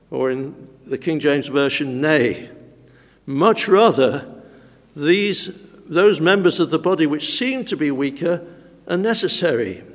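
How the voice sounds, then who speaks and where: Male preacher, measured teaching sermon, unhurried emphatic delivery, reverberant church hall. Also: mid-range voice. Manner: slow, deliberate, emphatic teaching. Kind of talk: expository sermon.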